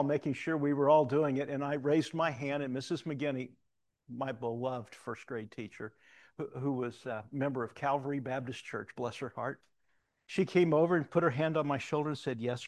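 A man's voice: mid-range voice, fairly even intonation, moderate pace. An older man giving an informal sermon, telling personal stories in a rambling, conversational way with frequent restarts. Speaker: preacher.

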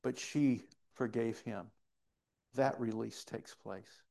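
A man's voice: medium pitch, slow, creaky, warm tone. A male pastor preaching a sermon in a church, telling a story earnestly with frequent restarts.

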